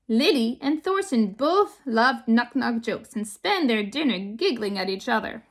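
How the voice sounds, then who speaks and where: A woman reading her own children's picture book aloud, expressive and animated, pausing to ask young listeners questions. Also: fairly high pitch. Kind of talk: children's storybook read-aloud.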